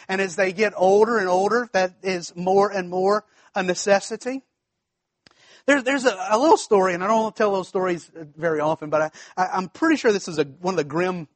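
A man's voice: sits high, a bit bright, no echo. A man, a pastor, preaching a sermon in a conversational way, with asides to the congregation and frequent restarts.

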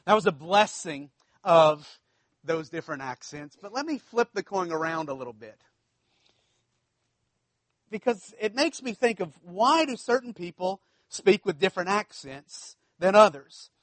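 A man's voice: high voice, lively intonation, a little slow, fairly bright tone, dry recording. A man from South Louisiana with a local accent, preaching a sermon as pastor in a conversational, storytelling way with folksy asides.

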